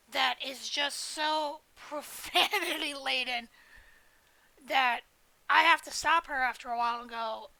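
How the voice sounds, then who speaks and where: A woman's voice: high-pitched, pushed and bright, dry recording, poor audio. A woman streaming a video game, chatting casually in a rambling, joking way with plenty of swearing. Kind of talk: casual live-stream chat while gaming.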